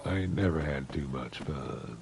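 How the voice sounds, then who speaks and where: A man's voice: rumbling low, expressive, measured pace, vocal fry, heavy background noise. A man giving casual, rambling, profane commentary while playing a game, with wry asides. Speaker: gamer. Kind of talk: casual let's play commentary.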